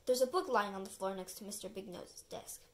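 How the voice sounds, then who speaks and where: A woman reading a children's chapter book aloud as the storyteller, with expressive narration. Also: medium pitch, brisk.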